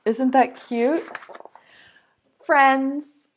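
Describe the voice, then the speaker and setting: A woman teaching preschool online, reading a picture book aloud to young children in a slow, singsong storytime manner with animated exclamations. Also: high-pitched, slight background noise.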